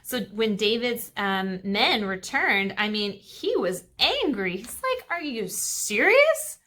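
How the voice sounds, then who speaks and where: A woman's voice: medium pitch, sing-song, slow pace, pushed and bright. A woman teaching a Sabbath school lesson to kids, retelling a Bible story in a chatty way with fillers and asides.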